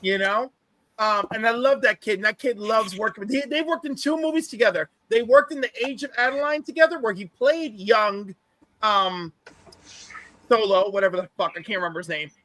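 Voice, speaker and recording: A man with a very high, bright, sharp voice hosts a loose pop-culture panel over a video call. He tells his stories with animated, gushing energy. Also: a little fast, no room sound. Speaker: host. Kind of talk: casual panel chat.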